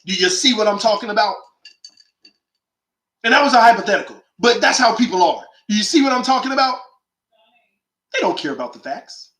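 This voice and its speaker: A man's voice: extremely high pitch, fast talker, long pauses, sharp tone, roomy sound. A man hosting a call-in sports show, delivering an emphatic, slangy monologue full of rhetorical questions. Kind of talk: animated opinionated monologue.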